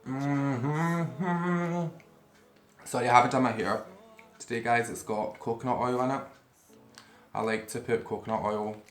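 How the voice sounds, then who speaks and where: At home, a man eats while vlogging casually to a camera facing him, rambling and swearing freely. His voice sits on the low side, the room is reverberant, and there's slight background noise.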